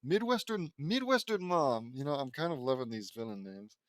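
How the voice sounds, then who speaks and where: A man's voice: mid-range voice, lively intonation, moderate pace, dry recording. A man reading fan fiction aloud with stumbling, rambling asides and restarts. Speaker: audiobook reader.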